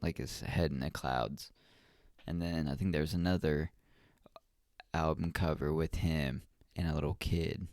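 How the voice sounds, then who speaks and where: A young man hosts a casual solo podcast, his extremely low, darkish voice steady in tone and measured in pace, recorded with no echo. He rambles reflectively, yawning often and filling his talk with ums and restarts.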